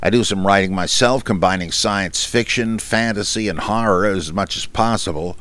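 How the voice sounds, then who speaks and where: A man hosting a podcast, chatting casually and haltingly with many fillers as he answers listener questions, with self-deprecating humor. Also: on the low side, fairly bright tone. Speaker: podcast host.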